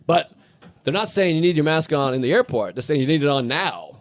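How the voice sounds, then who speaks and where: A man's voice: fairly high pitch, lively intonation, a little fast. A man telling a rambling anecdote in casual podcast chat, with hesitant restarts. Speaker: comedian telling a story.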